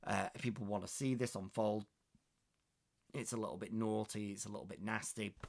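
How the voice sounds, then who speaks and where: A man's voice: fairly low pitch, steady tone, moderate pace, creaky, darkish tone. A man reading an extract from a classic novel aloud and explaining it in a hesitant way, with many fillers. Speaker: literature video host.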